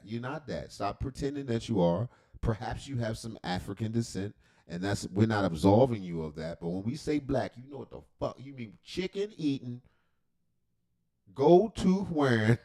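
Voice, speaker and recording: A man with a mellow, medium-pitched voice hosts a livestream reaction. His casual commentary rambles, jokes, swears and wanders into lots of asides.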